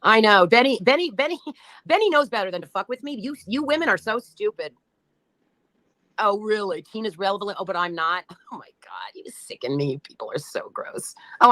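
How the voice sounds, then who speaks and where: A woman's voice: medium pitch, expressive, a little fast, fairly bright tone, no echo. A woman hosting a livestream who reads out chat comments and answers them in a mocking, profane and taunting way. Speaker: livestream host.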